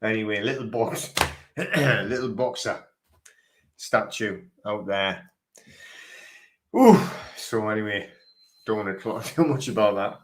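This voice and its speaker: A man hosting a casual livestream, talking in a halting, rambling way with many fillers, emotional and grieving. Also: lowish voice. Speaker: livestream host. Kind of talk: casual live-stream chat.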